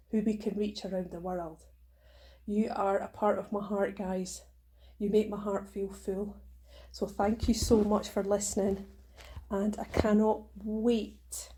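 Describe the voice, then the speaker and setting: Mellow-voiced woman hosting a motivational podcast. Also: mid-range voice. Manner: warm, earnest and emotional, encouraging listeners. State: tearful at times. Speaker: podcast host.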